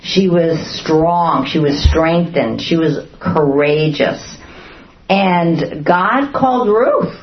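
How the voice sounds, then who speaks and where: A woman's voice: low-pitched, lively intonation, slow pace. Woman teaching a Bible study. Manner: asks the listeners many questions, acts out quotes. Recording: roomy, dull lo-fi recording.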